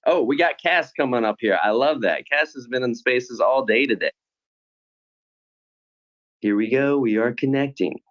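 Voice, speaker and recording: A man hosts a casual online audio chat in an upbeat, welcoming way. His voice sits at a middle pitch, and the sound is dull and lo-fi. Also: normal speed, long pauses, a bit bright. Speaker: host.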